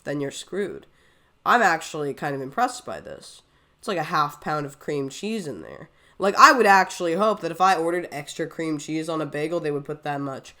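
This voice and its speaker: A woman's voice: on the low side, fairly bright tone. A woman hosting a reaction video, who is sick and coughs. She rambles in casual commentary, wordy and full of self-doubt.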